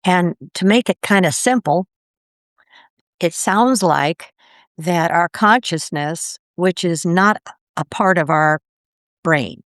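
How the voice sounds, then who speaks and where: An older woman, a podcast guest, telling her story in casual conversation and acting out quoted voices with big jumps in pitch. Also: takes it slowly, long pauses, fairly bright tone, dry recording, studio quality.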